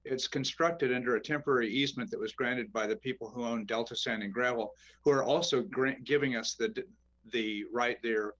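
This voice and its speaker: Male staff presenter, mid-pitched, explanatory and practical, restarts as he goes. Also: a bit bright. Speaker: county staff presenting an item. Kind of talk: explaining a public works item.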